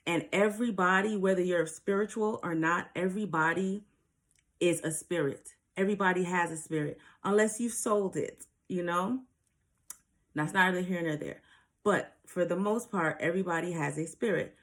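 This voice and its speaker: A woman's voice: fairly low pitch, moderate pace. A woman giving casual spiritual advice straight to her viewers, earnest and a little preachy, often asking them rhetorical questions.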